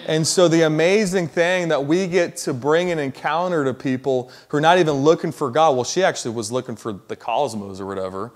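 A man preaching a sermon, telling a story in a casual, slangy way that builds to loud emphasis. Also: fairly high pitch, a little fast, hardly any pauses.

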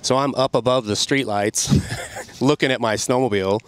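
A middle-aged man, a podcast guest, telling an animated story about riding. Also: medium pitch, moderate pace, clear, resonant tone. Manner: animated, excited storytelling with laughs. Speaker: podcast guest, snowmobile rider. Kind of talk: casual storytelling.

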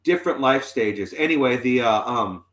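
A man's voice: medium pitch, expressive, normal speed, fairly bright tone. A man in his forties, a musician guest telling a long story in casual chat, full of fillers and restarts. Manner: rambling, many fillers and restarts. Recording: roomy echoey sound.

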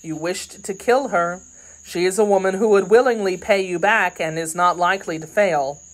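A woman's voice: on the low side, normal speed, lightly acted. A woman voicing an earnest young male swordsman who speaks with urgent pleading in an audiobook reading.

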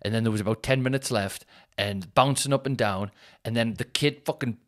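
A man's voice: medium pitch, a little fast. A man in his thirties, a podcast host telling a self-mocking comic story with mock outrage. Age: 30s.

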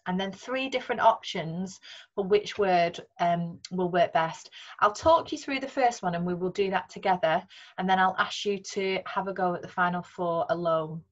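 A woman teacher with a Northern English accent, talking students through a recorded lesson in a clear, patient way with frequent ums. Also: mid-range voice, fairly bright tone, muffled recording. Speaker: secondary school English teacher. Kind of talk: recorded remote lesson talk over slides.

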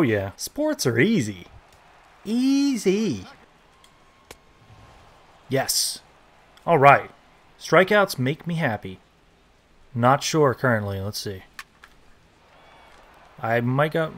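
A young man giving casual, joking commentary while playing a baseball video game, reacting loudly to big plays. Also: a little high. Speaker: gaming YouTuber.

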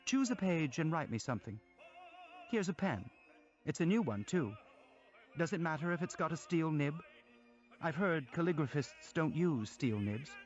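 A man voicing a proud young woman with a crisp, commanding, coolly teasing manner in a storybook reading. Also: on the high side, big pitch swings, moderate pace, long pauses, lo-fi sound, faint music behind, voice pushed up. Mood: brisk.

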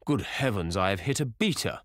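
A short-tempered upper-class squire who barks and blusters, voiced by a man reading an audiobook. The voice is low and the sound dry and close, with no room around it. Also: normal speed, dry recording. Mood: angry shouting. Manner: shouting, brusque, impatient. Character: hot-tempered aristocratic male shooting host.

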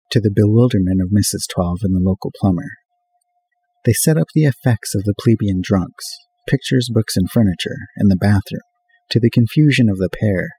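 A man narrating a classic novel in a steady, measured reading voice. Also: on the low side, slight background noise, low-quality recording. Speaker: audiobook reader.

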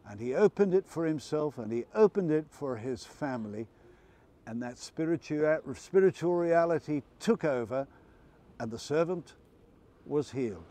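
Man giving an outdoor morning devotion. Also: a little high. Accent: South African. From South Africa. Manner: conversational, storytelling, warm emphasis on scripture. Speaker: church devotion speaker. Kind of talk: informal daily devotion. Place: outdoors by an old harbour.

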